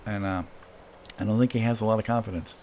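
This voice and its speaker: A man's voice: fairly low pitch, steady tone, fast, background noise. Offhand man critiquing comic pages. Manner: offhand, critical, many fillers. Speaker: comic book reviewer. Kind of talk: casual read-through commentary.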